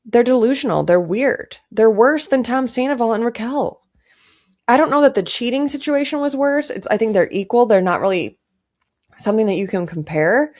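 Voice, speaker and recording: A woman's voice: on the high side, moderate pace, darkish tone. A young woman giving casual, indignant commentary to camera, stressing her points by repeating them. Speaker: pop culture commentator.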